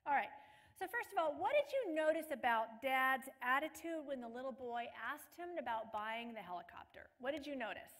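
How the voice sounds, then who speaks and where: A woman leading a parenting workshop, energetic, asking the group questions and repeating their answers. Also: sits high, normal speed. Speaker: parenting class leader. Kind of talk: interactive workshop teaching.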